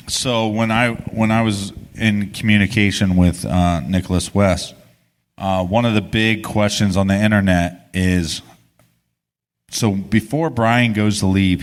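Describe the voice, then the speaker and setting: A man, co-hosting a live podcast on stage and telling a story in a casual, rambling way with many restarts. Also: fairly low pitch. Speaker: podcast co-host. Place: podcast festival stage before an audience. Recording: live stage with long hall reverb.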